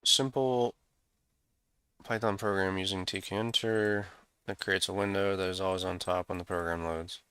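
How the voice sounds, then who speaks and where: A man with a deep, gravelly voice thinks aloud as he works through his code in a casual walkthrough. His tone is bright and smooth despite the gravel. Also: little pitch movement, normal speed, dry recording. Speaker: programmer screencasting code.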